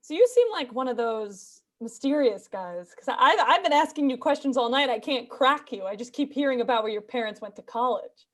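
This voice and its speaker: Woman doing improv, high voice, all gushy and over the top. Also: animated, a little fast, few pauses, fairly bright tone. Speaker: improv performer. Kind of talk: improv comedy scene.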